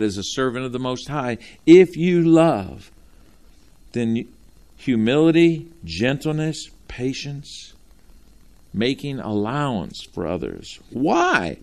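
A man preaching a sermon from Ohio, animated and folksy, calling out to his congregation. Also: mid-range voice. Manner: animated, talks straight to the congregation with folksy asides. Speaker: pastor.

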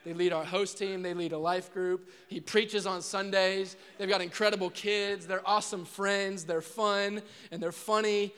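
A man's voice: high-pitched, fairly even intonation, normal speed, few pauses, fairly bright tone, clear, resonant tone. A man, a pastor introducing a guest preacher and praying before the congregation, jokey and upbeat, then earnest. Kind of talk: church stage introduction and prayer. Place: church service before a congregation.

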